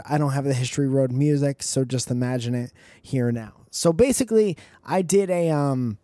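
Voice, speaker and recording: A man's voice: on the high side, lively intonation, normal speed, few pauses, darkish tone, no room sound, studio quality. A man doing a rambling, profane comedic monologue with joking asides.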